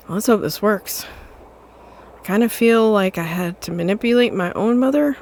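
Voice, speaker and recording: A woman's voice: medium pitch, moderate pace, slight background noise. A woman game streamer narrating and voicing her detective cat in a playful, amused way. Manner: playful, giggly, quietly amused. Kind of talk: casual narration of a story game.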